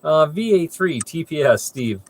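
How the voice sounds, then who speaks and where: A man hosting a ham radio net in easygoing, chatty talk, often pausing with uhs. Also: fairly high pitch, animated, very noisy. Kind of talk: casual radio chat.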